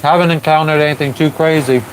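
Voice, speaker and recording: A man's voice: on the high side, quick pace, poor audio. Man chatting on a sailboat. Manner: relaxed, rambling, eating while talking. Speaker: sailing vlogger answering live chat. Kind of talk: casual live stream chat. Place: sailboat at sea. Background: waves and boat noise.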